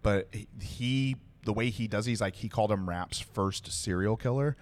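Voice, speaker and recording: A man's voice: lowish voice, moderate pace. A man hosting a podcast, a comedian chatting casually in a rambling, profane way full of fillers. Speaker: podcast host. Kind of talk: casual chat.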